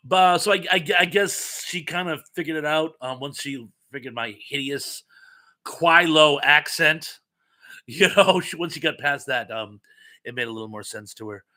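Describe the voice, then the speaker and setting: A man hosts a relaxed live-stream chat, quizzing viewers on trivia between lively stories. His voice is bright and forceful, and he pokes fun at himself as he talks. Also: fairly high pitch, moderate pace. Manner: animated, chatty storyteller with self-mocking asides.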